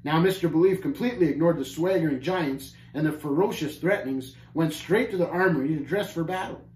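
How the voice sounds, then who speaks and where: Storyteller: a man with a slightly high voice narrating in a roomy church hall. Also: a little fast. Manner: lively dramatic narration. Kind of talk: storybook reading aloud.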